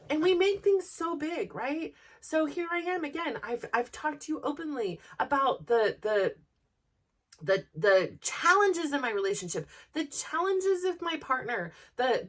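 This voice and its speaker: Far from the mic, a woman with a high, fairly bright voice hosts a podcast. In a personal motivational monologue, she talks candidly and earnestly, speaking directly and openly to her listeners.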